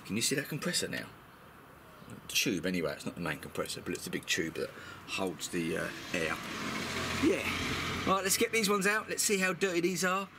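In a mid-range, sing-song voice that runs a little fast, the middle-aged British DIY mechanic vlogger swears his way through a car service. Background noise is audible as he gives casual, blunt how-to commentary in British English.

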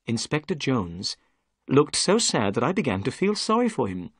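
A man giving clear, measured narration of a graded reader story. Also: medium pitch, wildly swooping pitch, a bit bright, dry recording, studio quality.

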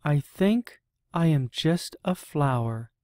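A storybook reader voicing a small, hopeful seed that asks soft, wondering questions. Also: medium pitch, expressive, takes it slowly, no room sound, clean studio sound.

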